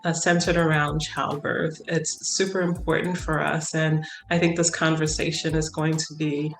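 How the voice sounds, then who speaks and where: A woman's voice: sits low, little pitch movement, moderate pace, vocal fry. A middle-aged woman, a nurse leader, talking earnestly and with emphasis as an interview guest, often repeating phrases to drive a point home. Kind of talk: interview conversation. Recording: roomy echo, faint music.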